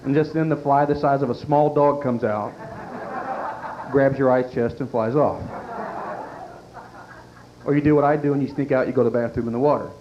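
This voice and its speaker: A comedian works a club crowd with crude, self-mocking stand-up, speaking at normal speed with a medium-pitched, steady voice and frequent pauses. The recording is a dull lo-fi 1990s club tape with audience laughter and faint room noise.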